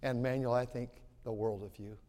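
A man's voice: medium pitch, steady tone, moderate pace, warm tone. A male pastor preaching a sermon in an emphatic, repetitive style with folksy asides to his congregation. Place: church sanctuary. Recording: long church hall reverb.

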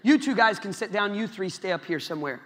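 A young man from Iowa, USA, preaches to a youth crowd in a large church hall, telling stories and speaking directly to the audience. His high voice is expressive, quick, and fairly bright, with a long hall reverb on the recording.

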